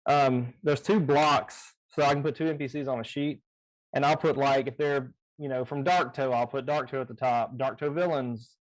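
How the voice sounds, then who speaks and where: A man in casual chat about running tabletop games, talking in an animated, rambling way with plenty of swearing, on a video call. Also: mid-range voice, moderate pace, poor audio. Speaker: game master. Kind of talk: casual chat between game masters.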